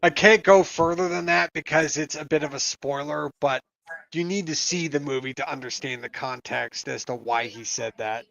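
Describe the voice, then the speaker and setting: A man's voice: fairly high pitch, moderate pace, creaky, fairly bright tone, no room sound, lo-fi sound. A man co-hosting a podcast in casual chat, blunt, profane and rambling. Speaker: podcast co-host.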